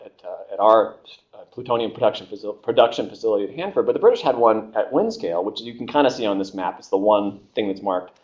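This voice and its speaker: A man lecturing at a research seminar, his pitch swinging widely as he talks. He fills pauses with "uh", restarts sentences and slips into quick acted-out voices for the people he quotes. The delivery is that of a professor speaking to a room. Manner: animated, acts out quoted voices, many filler uhs and restarts. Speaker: history professor giving a seminar talk. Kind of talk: university lecture.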